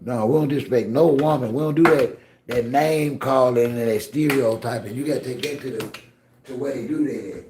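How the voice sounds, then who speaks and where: A man's voice: mid-range voice, brisk, reverberant, background noise. Blunt, streetwise male livestream host. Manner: blunt, scolding and streetwise, addresses chat directly. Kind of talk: casual livestream chat with viewers.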